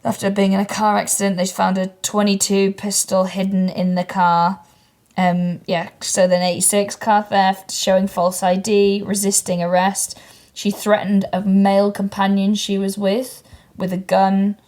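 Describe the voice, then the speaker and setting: A woman in her thirties co-hosts a comedy podcast at a mid pitch. She rattles through anecdotes in a blunt, sweary way, recorded close on a podcast mic. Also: flat delivery, unhurried, a little mellow. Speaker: podcast co-host. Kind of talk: casual comedic chat.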